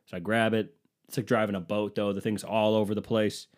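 A man's voice: fairly low pitch, level tone, a little fast. A man telling a comedic story in a casual, rambling way, sarcastic and full of swearing.

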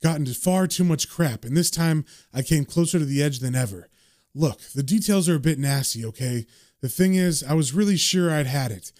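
A man voicing a weary, wry man from a comic, muttering low, reflective asides. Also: animated, moderate pace, darkish tone, no echo, clean studio sound, close to an everyday voice. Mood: confiding.

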